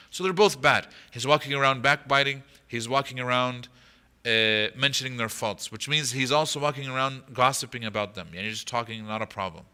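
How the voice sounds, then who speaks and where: A man's voice: medium pitch, pushed and bright. A man teaching a mosque class on a Quran chapter, explaining patiently, asking the audience questions and reciting short Arabic passages. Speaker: imam teaching Quran commentary. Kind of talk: lecture to an audience.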